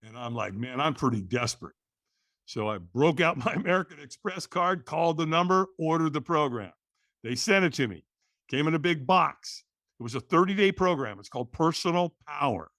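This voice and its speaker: A middle-aged man, a podcast guest, telling a personal story in a lively way, acting out the voices in the quotes and often restarting words. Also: on the high side, moderate pace, dry recording, studio quality.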